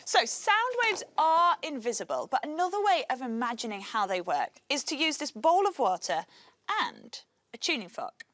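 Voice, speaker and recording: A woman presenting a children's science lesson in an upbeat, clear way. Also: high-pitched, sing-song, normal speed, fairly bright tone, no room sound. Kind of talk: scripted science lesson for kids. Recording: music playing behind the voice.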